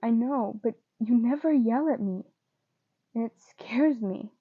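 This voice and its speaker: Woman reading as a soft teary young guy, pleading, kinda high voice, dull lo-fi mic. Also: takes it slowly, breathy edge, dry recording. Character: young man, gentle and tearful boyfriend.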